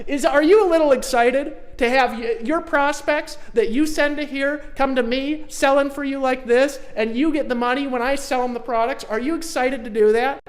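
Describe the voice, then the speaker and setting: Folksy man pushing a live-stream sales pitch. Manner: emphatic, repetitive, folksy, pushes the audience to commit. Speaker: online marketing trainer hosting a live stream.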